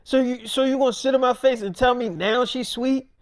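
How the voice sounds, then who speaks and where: A man voicing his heated, loud-mouthed best friend, profane and confrontational. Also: high voice, lively intonation, normal speed, no echo, studio quality. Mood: accusing. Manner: profane, confrontational, keeps pressing.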